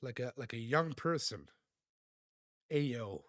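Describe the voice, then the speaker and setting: Male streamer, mid-pitch, chatty and grateful, reading chat aloud, dry room. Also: lively intonation, slow pace, fairly bright tone, dry recording. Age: adult. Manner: reads chat aloud, laughs often, thanks viewers. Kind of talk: casual live-stream chat.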